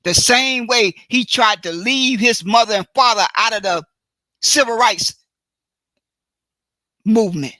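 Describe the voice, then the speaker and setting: A woman hosting a solo live stream, talking in a deliberate, emphatic way and often stopping to correct and repeat herself. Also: a little high, bright, forceful tone, dry recording. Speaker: livestream host. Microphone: computer mic for a live stream.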